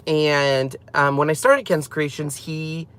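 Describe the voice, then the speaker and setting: A man's voice: a little high, slow pace, a bit bright, clean tone. Chatty man hosting a craft live stream. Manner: rambling, chatty, laughs often. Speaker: craft channel host. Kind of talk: casual live stream chat.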